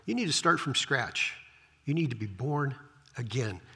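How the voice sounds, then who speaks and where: A man voicing a calm, firm male teacher in a plain, matter-of-fact way, in a reverberant hall. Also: medium pitch, normal speed, slight background noise.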